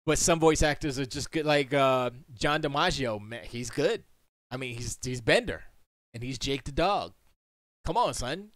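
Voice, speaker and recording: A man hosting a casual live stream from his home studio, talking in a rambling, animated way with many restarts as he answers chat. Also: medium pitch, moderate pace, no echo. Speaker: music producer and stream host.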